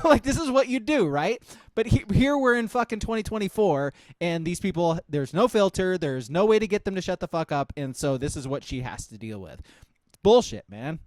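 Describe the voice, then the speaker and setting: A man's voice: high-pitched, dry recording. A man co-hosting a sports podcast, talking in a heated, profane way and repeating himself for emphasis. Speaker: podcast co-host. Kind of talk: casual sports podcast chat.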